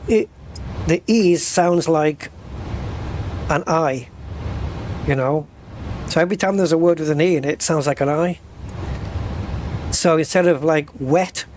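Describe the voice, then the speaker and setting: A man's voice: fairly high pitch, unhurried, long pauses, a little mellow, slight background noise. A man streaming a flight simulator, chatting casually with viewers while flying. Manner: chatty, reads and answers chat while flying. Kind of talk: casual live-stream chat over gameplay.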